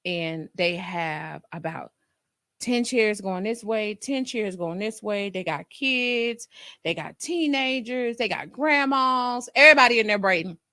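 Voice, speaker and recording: Bright-voiced woman telling a lively story. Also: mid-range voice, no echo, studio quality. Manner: lively, chatty, addresses listeners as y'all; acts out her own past reactions in quoted asides. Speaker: nurse and podcast host. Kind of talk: casual storytelling to listeners.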